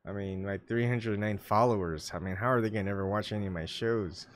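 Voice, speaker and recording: A man hosting a solo livestream, muttering his thoughts and asides to himself, often coughing and clearing his throat, on a desktop microphone at home. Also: lowish voice, a little fast, slight background noise. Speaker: livestream host. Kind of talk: rambling solo livestream chat.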